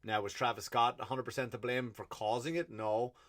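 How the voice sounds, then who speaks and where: A man's voice: medium pitch, fairly even intonation, brisk, a bit bright. A man with an Irish accent, a comedian hosting his own podcast, delivering a blunt, profanity-filled solo rant. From Ireland.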